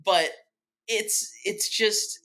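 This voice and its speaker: A man's voice: high voice, steady tone, drawn-out words, sharp tone. A man co-hosting a podcast, talking casually about a film with restarts and acted-out quotes. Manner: rambling restarts, acts out quoted reactions. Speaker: podcast co-host. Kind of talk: casual film review chat.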